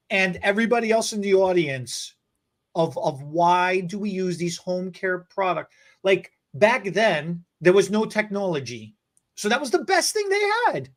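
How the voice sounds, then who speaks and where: Animated man telling a story, laughing. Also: sits high. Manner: animated, laughing storyteller who acts out quotes. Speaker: podcast co-host, hair stylist. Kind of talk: casual storytelling chat.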